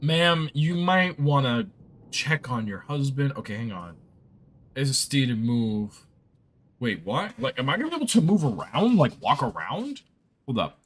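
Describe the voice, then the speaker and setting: A young man live-streaming a game, chatting casually and telling rambling, excitable stories. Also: medium pitch, unhurried.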